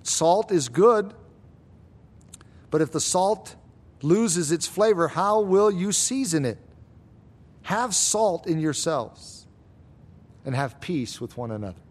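Emphatic high-voiced male preacher. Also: lively intonation. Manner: earnest, emphatic preaching with dramatic slowdowns. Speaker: pastor. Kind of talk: sermon.

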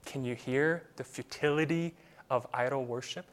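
A man preaching a sermon as a pastor. He leans on rhetorical questions and drops to a quiet voice for effect, sometimes repeating words as he starts a thought. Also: mid-range voice, moderate pace.

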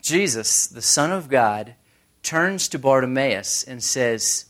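Man preaching in a conversational way. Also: mid-range voice. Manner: conversational, animated storytelling with quick voices for crowds. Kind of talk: casual sermon with acted-out scenes.

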